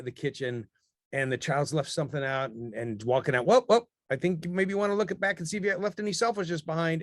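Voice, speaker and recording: A man with a somewhat high voice teaches parents in a relaxed webinar chat. He laughs easily and snaps into brisk quoted lines. The sound is close and dry, with no room around it. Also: no room sound.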